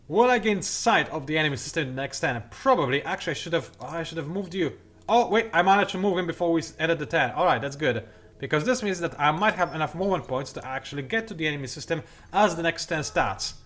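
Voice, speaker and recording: A man giving casual, sarcastic let's-play commentary as he plays a strategy game, mocking himself and breaking into sudden excited outbursts. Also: on the high side. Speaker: gaming video creator.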